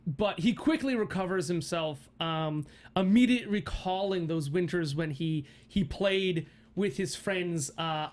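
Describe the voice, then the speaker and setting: A man with a fairly high voice runs a tabletop game as game master. He narrates in a halting way, full of fillers and restarts, and breaks into laughter often.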